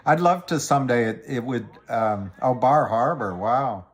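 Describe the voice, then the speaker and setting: A man's voice: mid-range voice, normal speed. A middle-aged man hosting a casual livestream, rambling and self-deprecating as he talks through trades and answers viewer comments. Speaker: livestream host. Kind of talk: casual livestream chat about stocks.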